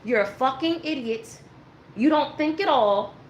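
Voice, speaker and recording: A woman's voice: high-pitched, lively intonation, measured pace, reverberant, dull audio, a little hiss or hum. Ranting woman reading tarot. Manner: blunt, ranting, swearing. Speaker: tarot reader. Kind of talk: casual tarot reading monologue.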